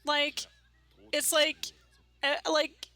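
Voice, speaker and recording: A woman reacting to an anime episode in casual, chatty commentary. Her voice is high and bright. She talks loosely and fills her sentences with "like" and "you know". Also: completely flat delivery, extremely slow, soft background music.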